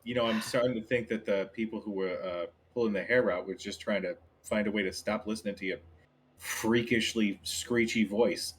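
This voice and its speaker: A man's voice: fairly low pitch, steady tone, normal speed, a little hiss or hum, natural voice. A man voicing a chatty, affable skeleton who talks in a dry, offhand, joking way. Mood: teasing.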